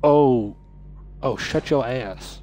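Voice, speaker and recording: A young man giving casual commentary while playing a video game, excitable and cursing, often shouting at the game. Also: mid-range voice, very slow, faint music behind. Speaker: gamer.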